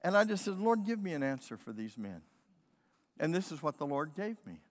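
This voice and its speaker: A pastor with a notably high voice preaches in a storytelling manner, calling out for amens from his congregation. His voice rings with a long reverb through a large church sanctuary. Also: very animated, normal speed. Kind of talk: sermon.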